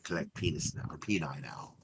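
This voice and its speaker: Deep-voiced man joking as a game player. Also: lively intonation, a little fast, gravelly, background noise. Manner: jokey, bursts into shouted in-character lines. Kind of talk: playing a tabletop game.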